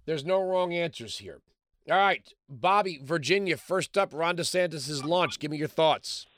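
A man hosts a call-in talk radio show, rambling through his points with fillers and restarts. His voice sits a bit high and sounds dry and close on a studio microphone. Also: expressive, measured pace, fairly bright tone, no room sound. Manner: talkative, frequent restarts and fillers.

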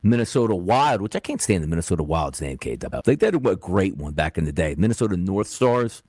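Sports radio co-host, male, low and lively, opinionated, dry booth sound. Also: brisk, dry recording. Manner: animated, opinionated, drops low when grumbling. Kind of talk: casual sports talk radio.

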